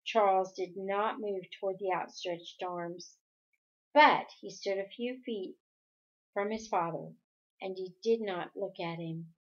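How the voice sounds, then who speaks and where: A woman reading a novel aloud in an unhurried manner, stumbling over a word now and then. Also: mid-range voice. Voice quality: unhurried, with occasional restarts. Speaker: reader. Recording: dull lo-fi home recording.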